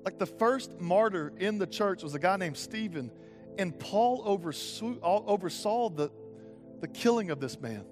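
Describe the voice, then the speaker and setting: A young male pastor preaches with a high, bright voice and real passion. He swings from rousing calls down to hushed, intense moments and drops casual slang into the sermon. Faint music plays softly underneath. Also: animated, a little slow. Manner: impassioned, rising to urgent calls then dropping to quiet intensity.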